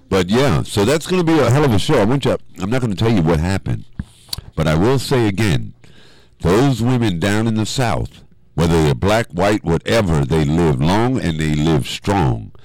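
A man hosting a radio show, chatting and telling stories in a teasing, animated way and slipping into funny voices. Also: deep voice, moderate pace, dry recording, rough recording. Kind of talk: casual studio chat and storytelling. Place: radio studio.

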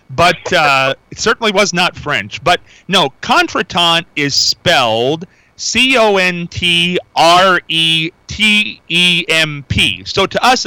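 Chatty bright-voiced male radio host. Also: fairly high pitch, dry recording, low-quality recording. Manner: chatty, rambling with fillers, repeats phone number. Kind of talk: casual call-in radio talk.

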